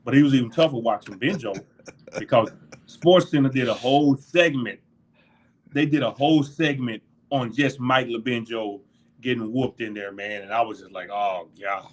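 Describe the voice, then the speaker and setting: A man of medium pitch and normal speed, middle-aged and a former NFL linebacker, is the guest in a casual interview. He animatedly tells locker-room stories, often laughing and imitating what other people said.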